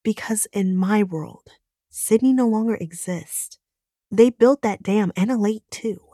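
A woman voices an earnest, pleading young woman, pitching slightly above her own natural voice while staying close to an everyday sound. Her voice is mid-range with a dark tone and an unhurried pace, recorded dry with studio quality.

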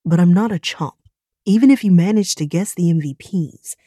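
A woman's voice: fairly low pitch, normal speed, warm tone, dry recording, studio quality, natural voice. A woman voicing a stubborn young man who is defiant and indignant about his hometown, in a storybook reading. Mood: skeptical.

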